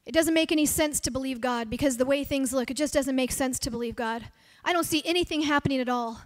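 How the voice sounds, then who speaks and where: High-voiced woman pastor preaching. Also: fast. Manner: earnest, acts out heartfelt prayers aloud. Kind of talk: sermon. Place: church service.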